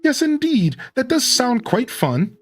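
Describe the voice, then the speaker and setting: A man's voice: very high-pitched, very animated, measured pace, soft background music, voice pushed up, heavily acted. A man voicing a courteous Greedent squirrel Pokémon with a Southern US accent. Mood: polite. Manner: prim and polite.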